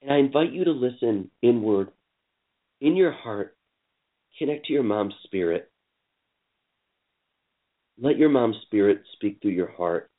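A man leading a guided forgiveness session on a call, speaking slowly and soothingly with lots of repetition. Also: medium pitch, animated. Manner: slow, soothing, repetitive coaching. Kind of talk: guided emotional healing session. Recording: tinny phone-line audio.

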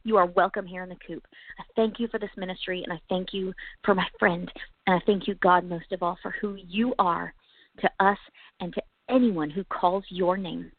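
A woman's voice: lowish voice, steady tone, normal speed, no echo. A woman co-hosting a podcast, praying aloud in an earnest, heartfelt way. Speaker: podcast co-host. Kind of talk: spoken prayer. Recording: tinny phone-like sound, dry.

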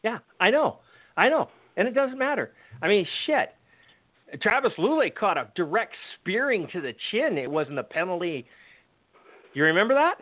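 A man hosts a football podcast and rants in a furious, sarcastic, heavily profane way. His high voice swings widely in pitch at a moderate pace, and the tinny, phone-like audio has no room sound.

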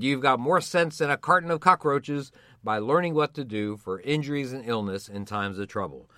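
A man's voice: mid-range voice, expressive, moderate pace, pushed and bright, no echo, clean studio sound. An older man, a doctor co-hosting a podcast, talking in a hammy, theatrical, joking way. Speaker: podcast co-host, medical doctor. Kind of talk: playful podcast banter and promo pitch.

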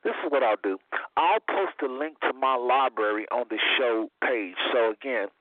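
A man's voice: mid-range voice, normal speed, no room sound. A man hosting a radio show, talking casually in a rambling, informal way. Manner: rambling, informal, repeats himself. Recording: tinny phone line, dry.

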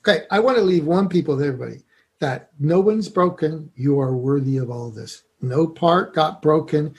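Male guest author in a casual chat, high-ish voice, rambling and filler-heavy. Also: moderate pace, darkish tone. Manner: rambling, many fillers, laughs easily.

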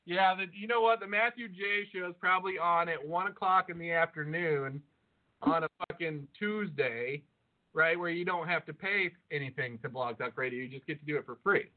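A man co-hosting a podcast in excitable, profane casual banter, laughing often. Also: a little high, moderate pace. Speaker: podcast co-host. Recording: phone-like lo-fi audio.

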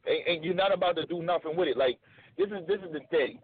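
A man's voice: high-pitched, quick pace, slight background noise. A man guesting on a radio show, telling his side in a blunt, emphatic way and repeating points for stress. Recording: phone-like narrow sound.

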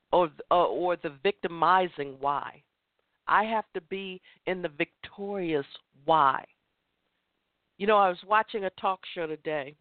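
A woman hosting a women's chat show gives an impassioned motivational talk, repeating phrases for emphasis. Her voice is fairly low-pitched, coming through a tinny, dry phone line with no echo.

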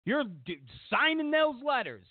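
A man's voice: extremely high pitch, very animated, unhurried, no room sound. A man hosting a political commentary show, mocking and sarcastic, repeating lines for emphasis. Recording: tinny phone-like sound.

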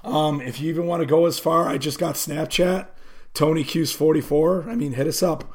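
Man, podcast co-host, casual storytelling, filler-heavy, fairly high pitch. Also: fairly even intonation, normal speed. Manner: loose storytelling with many fillers. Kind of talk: casual sports podcast chat.

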